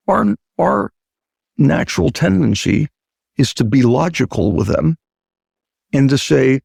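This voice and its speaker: A man's voice: mid-range voice, lively intonation, moderate pace, vocal fry, a little mellow, slightly rough, dry recording, clean studio sound. A man speaking as a plastic surgeon guest in an interview, emphatic and repeating his key points, acting out the voices of patients and doctors as he tells his stories. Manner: emphatic, acts out quoted patient and doctor talk. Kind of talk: conversational interview talk.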